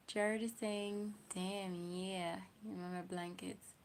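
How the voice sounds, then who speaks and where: A young woman with a South African accent, hosting a casual livestream, musing slowly and often sinking to a whisper as she reads comments. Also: medium pitch. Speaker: livestream host.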